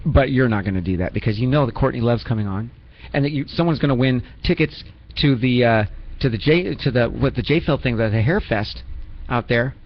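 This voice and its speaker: A man's voice: mid-range voice, a little fast, few pauses, lo-fi sound. A man hosting a radio show in a rambling, self-mocking comedic manner, full of restarts and asides. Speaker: radio host.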